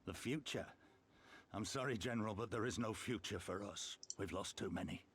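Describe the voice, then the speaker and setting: An actor with a Scottish accent playing a bitter, grieving middle-aged rebel leader in a video game, with a gravelly voice and a mournful, weary delivery. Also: male voice, lowish voice, normal speed, a bit bright, a little hiss or hum, lightly acted. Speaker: game cutscene character.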